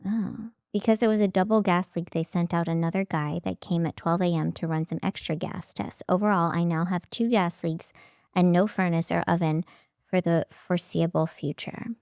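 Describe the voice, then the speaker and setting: A woman's voice: fairly low pitch, fairly even intonation, normal speed, darkish tone, clean tone, no echo, clean studio sound. A woman in her thirties hosting a podcast, chatting casually, laughing often and acting out both sides of conversations. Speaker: podcast host. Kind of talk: casual chat.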